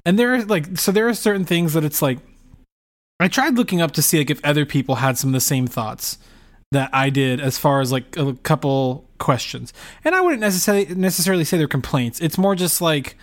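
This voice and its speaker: A man chatting casually as a podcast co-host, telling a story with lively, animated delivery and mimicked voices. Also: on the high side, fairly quick. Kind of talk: casual chat.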